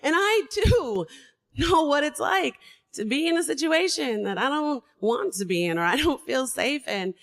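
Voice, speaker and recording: A woman with a slightly high voice tells a personal story live, full of energy. She laughs and swears along the way and keeps the telling lively. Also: a little slow. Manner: animated, swearing, laughing through her story.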